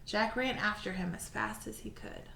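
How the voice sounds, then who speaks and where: A woman teacher reading a storybook aloud to her class and then giving assignments in a clear, encouraging way. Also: medium pitch, background noise. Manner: clear, encouraging, slightly halting when speaking freely. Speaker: elementary school teacher. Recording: roomy echo.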